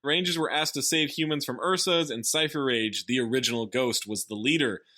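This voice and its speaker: Wry bright-voiced man recapping a movie. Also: medium pitch, fairly quick. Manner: sarcastic, reads reviews and recaps the plot with jokes. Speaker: podcast co-host. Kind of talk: casual comedic movie commentary.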